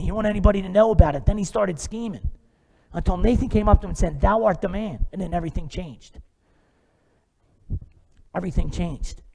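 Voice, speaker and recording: A man's voice: sits high, gravelly, dark tone. A man preaching a sermon in a church, talking conversationally with rhetorical questions and everyday asides. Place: church sanctuary. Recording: long hall reverb.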